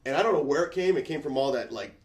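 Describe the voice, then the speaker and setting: A male comedian, a podcast guest, telling a story in an animated way, acting out the other people's voices and swearing freely. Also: mid-range voice, very fast.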